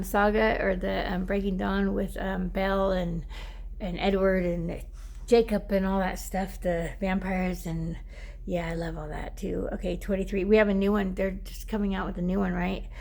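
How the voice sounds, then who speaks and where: A woman's voice: mid-range voice, vocal fry, darkish tone. A woman giving a casual, rambling oracle card reading, teary at times and often drifting off mic.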